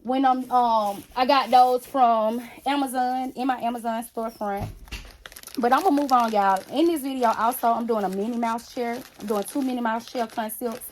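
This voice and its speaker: A woman's voice: fairly high pitch, fairly even intonation, normal speed, slight background noise. A woman craft vlogger chatting casually to her viewers while she works, rambling and blunt with sassy asides. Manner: rambling, talks straight to viewers with frequent "y'all". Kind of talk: casual chat while working on a basket.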